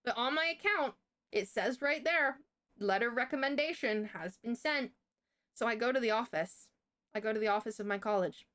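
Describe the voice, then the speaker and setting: A woman's voice: a little high, moderate pace, fairly bright tone. A young woman on a livestream, telling a story in casual chat, chatty and swearing freely. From Britain.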